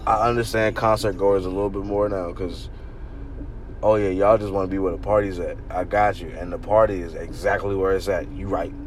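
A man hosting a podcast, telling a story casually with lots of swearing and animated laughter. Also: low voice, brisk, slight background noise. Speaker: podcast host.

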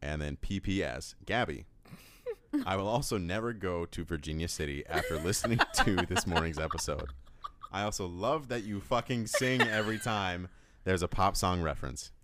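A man's voice: deep voice, animated, moderate pace, noisy background. A man co-hosting a casual podcast, reading listener emails aloud in a dry, playful way. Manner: dry, playful delivery with frequent laughs.

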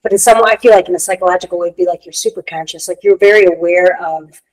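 Woman, co-host, lower pitch, casual spiritual talk, reflective, rambling fillers. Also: fairly even intonation, racing, low-quality recording. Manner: reflective, many fillers like "you know". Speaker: podcast co-host.

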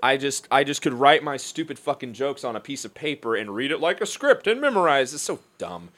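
The young comedian's mid-range voice swings widely in pitch, runs fairly quick and sounds a bit bright in a dry studio-mic recording. As a podcast guest he rambles through casual stories, restarting frequently, cursing and laughing.

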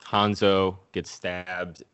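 A man's voice: low voice, monotone, drawn-out words, fairly bright tone, clean tone, dry recording. A man recapping a movie in a casual, profane, comedic way, acting out the characters in silly voices.

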